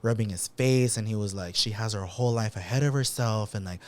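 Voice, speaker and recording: A young man, chatting on a podcast in a slightly low voice. He tells stories animatedly and plays out what everyone said. His talk is loose and sweary, with bits of Spanish slang mixed in. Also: fairly quick. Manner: animated retelling, acts out quotes, swears, mixes in Spanish slang. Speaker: podcast co-host. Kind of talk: casual chat.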